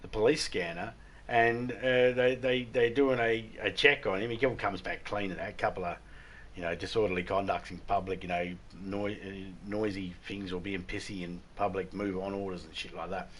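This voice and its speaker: A man's voice: sits low, fairly even intonation, moderate pace, a little hiss or hum. Profane Australian man telling rambling stories. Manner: rambling, profane, laughs often, acts out drunks loudly. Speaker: live-stream host. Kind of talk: casual storytelling chat.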